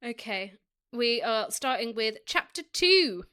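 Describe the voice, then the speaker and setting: A woman co-host with a bright, crisp, slightly high voice. She reads second-person romance fan fiction aloud and giggles her way through the chatty parts of a casual podcast. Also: big pitch swings, slow.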